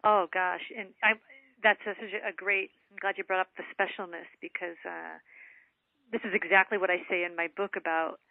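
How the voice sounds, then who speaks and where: A woman's voice: lowish voice, steady tone, fairly quick, vocal fry, no room sound. Earnest woman author on a phone line. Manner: earnest, lots of "you know" fillers. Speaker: guest author. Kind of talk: casual spiritual conversation. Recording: tinny phone line, dry.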